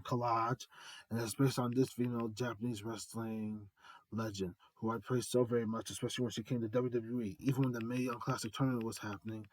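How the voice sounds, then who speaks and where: A man's voice: medium pitch, darkish tone, no room sound. A man giving a rambling, earnest fan monologue, repeating himself and building up announcer-style reveals. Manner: earnest, heartfelt tribute. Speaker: art vlogger.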